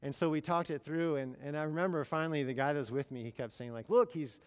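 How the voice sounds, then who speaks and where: A man's voice: on the high side, steady tone, quick pace, clear, resonant tone. A man in his thirties giving a sermon, telling stories in a chatty, conversational way with plenty of fillers and acted-out quotes. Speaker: missionary speaker. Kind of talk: sermon storytelling. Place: church. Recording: long hall reverb.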